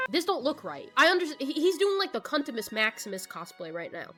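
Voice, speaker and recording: A woman recapping stories in a casual commentary, crude and joking with quick asides. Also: high-pitched, expressive, a bit bright, faint music behind. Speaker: YouTube commentator.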